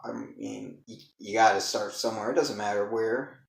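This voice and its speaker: A man's voice: fairly low pitch, huge pitch swings, moderate pace, gravelly. Laid-back guy in an echoey room. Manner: laid-back, says "man" a lot. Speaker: podcast co-host. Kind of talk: casual chat.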